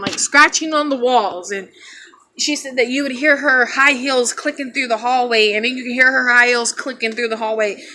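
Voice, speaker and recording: Bright-voiced young woman telling a story. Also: on the high side, slight background noise. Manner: animated, rambling, acts out quotes. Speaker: vlogger telling a personal story. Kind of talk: casual storytelling to camera.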